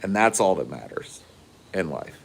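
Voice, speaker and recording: A man's voice: deep voice, sing-song, moderate pace, creaky, slightly rough. A man hosting a podcast, telling a rambling, profane story in casual chat. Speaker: podcast host.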